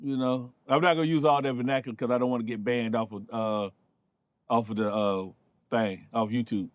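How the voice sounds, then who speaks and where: A man's voice: mid-range voice, fairly even intonation, brisk, dry recording. A man in his fifties from North Carolina, telling a personal story in a loose, casual way with frequent asides. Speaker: show host and storyteller.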